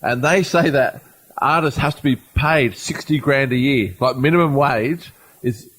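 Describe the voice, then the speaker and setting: A man's voice: mid-range voice, unhurried, slight background noise, poor audio. An Australian man, a guest comedian, telling self-mocking anecdotes in a casual chat. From Adelaide, Australia. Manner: animated storyteller, self-mocking. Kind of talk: anecdotal storytelling.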